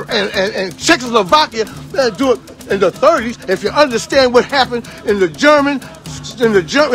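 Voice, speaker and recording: A man's voice: very high voice, fairly bright tone. A man in his sixties from Washington, D.C., giving a fiery, preachy political monologue and repeating phrases for emphasis. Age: 60s.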